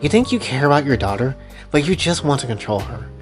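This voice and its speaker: A man voicing a cold, scheming mother, speaking in quiet, contemptuous threats. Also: mid-range voice, big pitch swings, fast, faint music behind, natural voice.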